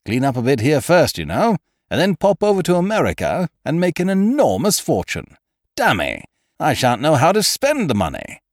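A man's voice: fairly high pitch, wildly swooping pitch, moderate pace, no room sound, clean studio sound, voice pushed up. A man voicing a boisterous, scheming young man, full of big plans, who talks in a hearty, breezy way. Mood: exuberant. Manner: hearty, breezy, calls people "old horse" and "laddie".

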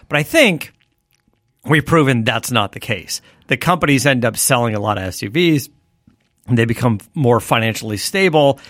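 A man's voice: mid-range voice, expressive, moderate pace, a bit bright, no room sound, studio quality. A man co-hosting a podcast, chatting casually about cars and laughing often. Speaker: podcast co-host. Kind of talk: casual chat.

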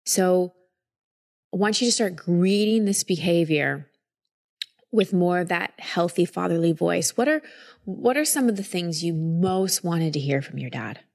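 A woman hosting a podcast, calmly explaining and guiding a guest through a coaching conversation. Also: fairly low pitch, measured pace, vocal fry. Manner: calm, explanatory, reassuring.

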